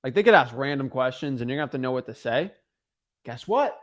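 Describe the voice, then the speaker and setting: A man's voice: medium pitch, expressive, fast talker, a bit bright. A young man coaching on a live stream, emphatic and repetitive, driving his points home. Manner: emphatic, repetitive, acts out callers' voices. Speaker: real estate wholesaling coach. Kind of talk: energetic live-stream teaching.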